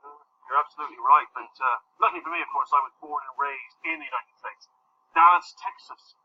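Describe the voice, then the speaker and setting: An actor playing a posh British casino heir who stammers and bluffs, speaking with a British accent. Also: male voice, on the high side, a little fast, a little hiss or hum, natural voice. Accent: British English. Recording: dull lo-fi film audio.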